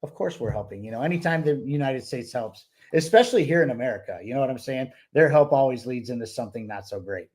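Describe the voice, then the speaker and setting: A man's voice: medium pitch, quick pace, few pauses, darkish tone. A man co-hosting a book club podcast, talking in a loose, rambling way with many fillers and restarts. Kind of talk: casual podcast discussion.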